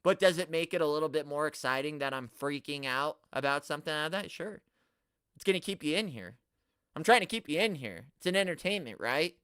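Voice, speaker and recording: A man hosting a live stream, ranting at the chat in an animated, exaggerated way and swearing often. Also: fairly high pitch, a little fast, clear, resonant tone, dry recording, clean studio sound. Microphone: studio mic, no camera.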